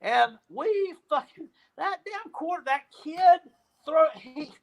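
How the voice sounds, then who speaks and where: A man's voice: very high voice, lively intonation, takes it slowly, creaky. A man hosting a casual sports rant, profane and rambling, with frequent restarts and trailing thoughts. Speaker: podcast host.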